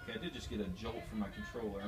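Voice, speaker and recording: A man's voice: lowish voice, fairly even intonation, very fast, soft background music. A man hosting a casual let's-play, rambling with hesitant fillers while he comments on the game. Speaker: gaming host. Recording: distant mic in a roomy space, faint noise.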